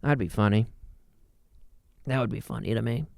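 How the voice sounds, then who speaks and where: Young guy rambling jokey on his solo podcast, smooth clean voice, super dry close mic. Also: medium pitch, normal speed, a little mellow, no room sound. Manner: rambling, jokey, self-interrupting. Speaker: podcast host. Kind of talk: solo comedic podcast monologue.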